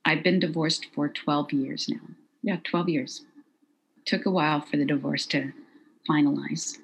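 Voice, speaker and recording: A middle-aged woman recounting a personal story in an interview, quiet, measured and halting. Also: sits low, fairly even intonation, creaky, slight background noise, poor audio. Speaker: guest.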